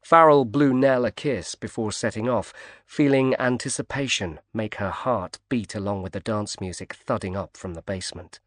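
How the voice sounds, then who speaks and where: A man narrating a thriller audiobook in a steady, measured read. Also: mid-range voice, dry recording. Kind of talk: scripted narration. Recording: dry close studio sound.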